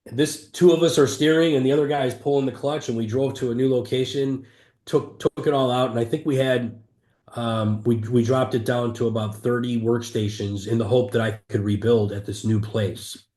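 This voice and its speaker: A man's voice: mid-range voice, fairly even intonation, moderate pace, warm tone. Guy telling his own story on a podcast, earnest, emphatic, lots of restarts, kinda echoey room. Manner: earnest, emphatic, vivid retelling with frequent restarts. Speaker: entrepreneur guest. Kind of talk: candid personal storytelling in an interview. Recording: roomy echo.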